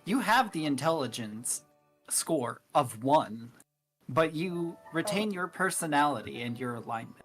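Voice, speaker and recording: A man's voice: on the high side, lively intonation, unhurried, fairly bright tone, soft background music. A man running a tabletop game, explaining rules in a chatty way. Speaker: game master.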